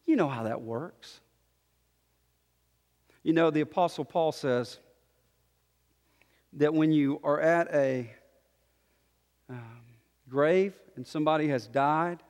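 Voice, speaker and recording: Male preacher, high voice, animated delivery, sermon in a hall with long reverb. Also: slow, pauses often. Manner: animated, acts out quoted voices.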